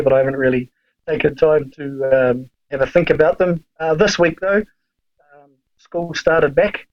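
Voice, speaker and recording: A man's voice: on the high side, lo-fi sound. A man, a podcast guest telling long, rambling stories in casual chat, swearing freely and full of fillers.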